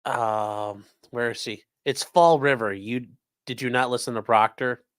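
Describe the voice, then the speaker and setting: A man's voice: mid-range voice, steady tone, a little slow, a bit bright, smooth. A man hosts a casual live stream in a mid-range voice. He rambles and makes sarcastic jokes. He also reads viewer chat aloud as he reacts. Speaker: streamer host reacting to trial news.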